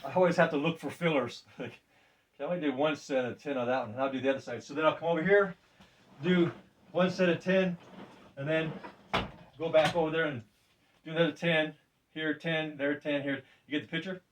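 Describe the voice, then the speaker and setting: Sixties male, slightly high voice, easygoing and winded, heard from across a gym room. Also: brisk, pauses often. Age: 60s. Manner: chatty and loose, with repeated "right?" checks and soft laughs. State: breathing deeply during the workout. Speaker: fitness vlogger. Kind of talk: casual demonstration while exercising. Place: gym room among exercise machines. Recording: distant mic with faint background noise.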